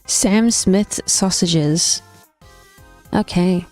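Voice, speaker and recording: A young woman gaming streamer chats casually with her viewers, reacting to stream chat in a low, slightly mellow voice and at an extremely slow pace. She's opinionated and thinks aloud with frequent restarts, while faint stream music plays in the background.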